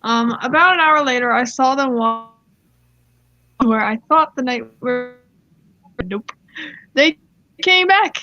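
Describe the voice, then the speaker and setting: A woman's voice: a little high, fairly bright tone, no room sound. A woman casually reading a Reddit story aloud, stumbling over words and giggling as she goes. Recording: slightly muffled, dry sound.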